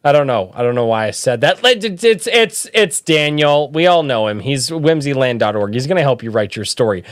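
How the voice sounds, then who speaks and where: A man's voice: medium pitch, lively intonation, brisk, no room sound, clean studio sound. A man hosting a podcast, rambling and joking at himself in casual chat. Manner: rambling, self-deprecating, jokey. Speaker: podcast host.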